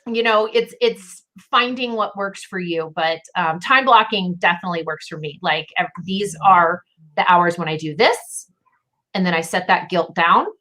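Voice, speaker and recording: A woman's voice: fairly low pitch, normal speed, pushed and bright. Woman guest, earnest and reflective, casual chat with many fillers. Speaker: guest, entrepreneur.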